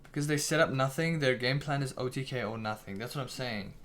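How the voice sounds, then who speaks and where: A man's voice: mid-range voice, a little fast, fairly bright tone. A man streaming a card game, chatting casually with his viewers, restarting sentences and swearing offhandedly. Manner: swears casually, restarts a lot, reads chat aloud. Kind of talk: casual live-stream chat.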